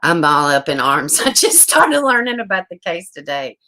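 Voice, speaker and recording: A woman, chatting on a true crime livestream from home, rambling, excitable and swearing often. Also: lowish voice, moderate pace, poor audio. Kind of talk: casual livestream chat.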